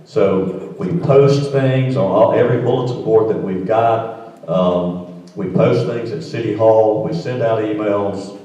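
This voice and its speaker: Deep-voiced official in a reverberant hall. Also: male voice, warm tone. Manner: measured, many ums and uhs. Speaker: city official. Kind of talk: explaining at a council meeting. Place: council meeting room, heard from far off. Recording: echoey hall from far off.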